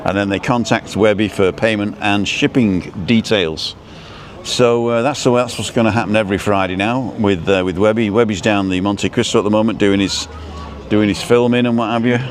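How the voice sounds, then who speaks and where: A man's voice: lowish voice, fairly even intonation, moderate pace. A man hosting a casual live stream outdoors, rambling as he reads out viewer comments and adjusts his stream settings. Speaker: livestream host. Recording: noisy outdoor street background.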